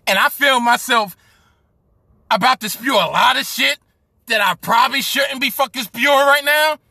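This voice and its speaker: Brooklyn podcast host, New York accent, profane sports rant, high husky voice, sharp edge. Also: male voice, normal speed, no echo. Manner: profane, heated ranting.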